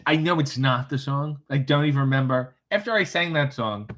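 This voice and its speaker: Casting: male streamer, middle pitch, wry and profane, chatty live read of viewer comments from a hotel room. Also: a little fast, a bit bright. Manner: wry, profane, joking asides while reading chat aloud. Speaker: livestream host. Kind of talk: casual livestream, reading chat comments.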